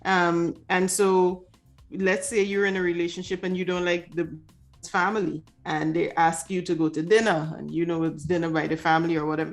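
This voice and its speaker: A woman's voice: fairly low pitch, little pitch movement, moderate pace, faint music behind. A woman co-hosting a casual talk show, explaining ideas and acting out quoted remarks. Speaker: podcast co-host. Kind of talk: casual conversation.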